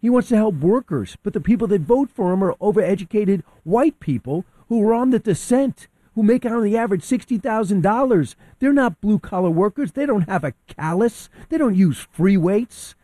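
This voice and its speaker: A man's voice: high voice, moderate pace, few pauses, no room sound. A man on talk radio giving heated opinionated commentary, acting out quotes as he argues. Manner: animated, quotes people in acted voices.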